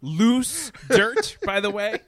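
Animated, laughing man with a higher pitch. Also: takes it slowly. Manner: animated, laughing, mocking impressions. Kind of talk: casual podcast movie chat.

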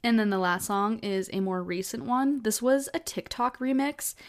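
Speaking at normal speed in a slightly high voice, a twentysomething woman hosts her own podcast. It's casual solo chat, with stories told loosely and lots of filler words.

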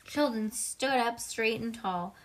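A woman with a slightly high voice reads a children's storybook aloud. Her delivery is lively and expressive, and she breaks off now and then to talk with a child next to her. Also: slow pace. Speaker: reader. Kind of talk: reading a children's book aloud.

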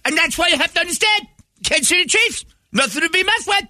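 A sports radio host who shrieks at the top of his lungs. The voice is piercing and pushed way up high, bright and hard, with no room around it. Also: animated, fast talker, dry recording, full character voice. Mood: bellowing.

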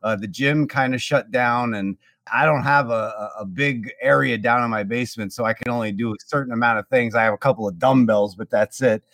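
A man's voice: mid-range voice, fairly quick, few pauses, a bit bright, no room sound, clean studio sound. A man hosting a casual interview, joking and enthusiastic as he asks his questions. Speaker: host.

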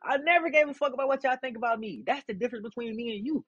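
Profane, defiant young man, husky voice. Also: very high-pitched, racing, fairly bright tone, no echo, lo-fi sound. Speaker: podcast host. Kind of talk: casual rant to listeners.

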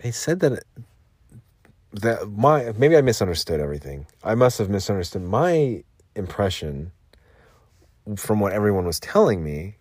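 The voice is a man's, on the low side, husky and darkish, very animated at a moderate pace with long pauses and no echo. Hosting his own podcast from a makeshift home booth, he rambles loosely, sounding tired after a long shift, repeatedly losing his train of thought and going over the same things.

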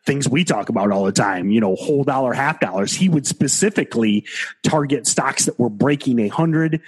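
A man's voice: mid-range voice, moderate pace, breathy edge. A man hosting a podcast, chatting casually about trading with plenty of fillers and restarts. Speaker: podcast host, trader. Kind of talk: casual chat.

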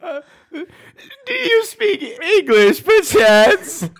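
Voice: extremely high pitch, big pitch swings, extremely slow, fairly bright tone, heavily acted. A player voicing a nervous, bumbling peasant hireling who stammers and talks in an overly formal way. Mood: hesitant.

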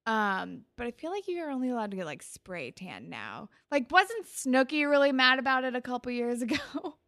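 Bright, creaky-voiced young woman. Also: high voice, moderate pace, no echo, studio quality. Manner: giggly, animated, lots of "like". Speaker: podcast co-host. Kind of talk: casual chat recapping a TV episode.

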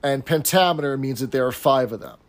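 A man's voice: mid-range voice, a little fast. A man co-hosting a casual chat, explaining things patiently with frequent fillers and easy laughter. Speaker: podcast co-host.

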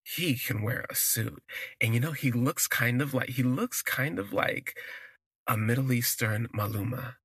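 A man telling a personal story in an expressive, self-deprecating way, drifting into asides. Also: medium pitch, measured pace, husky, no room sound, clean studio sound. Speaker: podcast storyteller.

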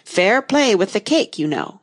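A woman voicing a tired, gruff male lion in a storybook, yawning and growling. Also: mid-range voice, sing-song, a little slow, no room sound, studio quality, voice pushed up. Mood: sleepy gruff. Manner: lazy, growling.

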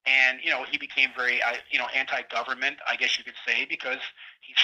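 A man's voice: medium pitch, steady tone, fast talker, bright, forceful tone, rough recording. A middle-aged man, a guest speaking from prison, telling a rambling story in casual conversation and acting out what his friends said. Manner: rambling, acts out quoted friends heatedly.

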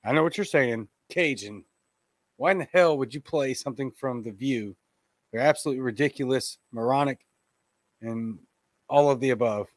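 A man's voice: mid-range voice, expressive, moderate pace, dry recording. A man hosting a live podcast, giving blunt, indignant commentary on a TV clip and talking straight to his listeners. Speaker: podcast host.

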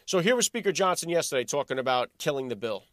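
A man's voice: fairly high pitch, lively intonation, quick pace, fairly bright tone, no echo. A male podcast host giving a sarcastic political commentary monologue full of rhetorical questions.

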